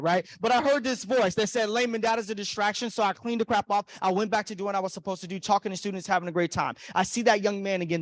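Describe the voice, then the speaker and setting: A man giving a motivational keynote at a conference, telling a personal story with acted-out voices and big swings between loud and soft. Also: high voice, no echo. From Florida. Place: conference hall.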